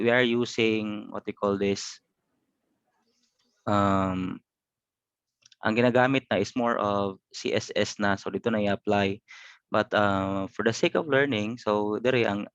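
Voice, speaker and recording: Low-voiced Cebuano-accented male instructor. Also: a bit bright, clear, resonant tone, no echo. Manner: mixes English with Cebuano, thinks aloud with frequent fillers. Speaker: web design instructor. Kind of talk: live coding lesson. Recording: dull lo-fi dry sound.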